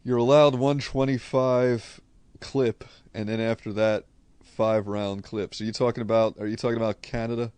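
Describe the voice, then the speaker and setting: Man, New England accent, blunt, profane, rambling casual chat, mid pitch, dry close sound. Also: level tone, moderate pace, a little mellow, clean tone, dry recording. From Connecticut, USA. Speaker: streamer answering viewer questions.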